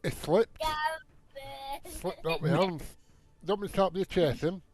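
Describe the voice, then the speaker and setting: A man's voice: high voice, slow pace, a little mellow. A man playing in a tabletop game, teasing and joking. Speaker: player. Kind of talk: casual chat.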